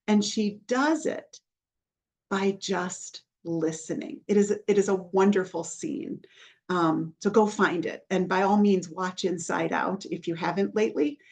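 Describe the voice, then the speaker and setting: A woman hosting a podcast, explaining in a patient, instructive way and often checking in with the listener, softening her voice when she models calming phrases. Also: lowish voice, gravelly. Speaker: podcast host, child development professional.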